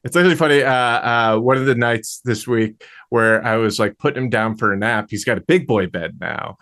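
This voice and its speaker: A young adult man co-hosting a podcast, chatting casually in a halting way with many restarts. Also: mid-range voice, a bit bright. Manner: halting, lots of fillers and restarts. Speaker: podcast co-host. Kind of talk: casual chat.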